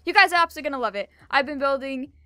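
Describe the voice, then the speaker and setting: A young woman giving fast, chatty, excitable commentary while playing a video game. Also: high-pitched, no room sound. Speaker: gaming video creator. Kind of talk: casual gameplay commentary.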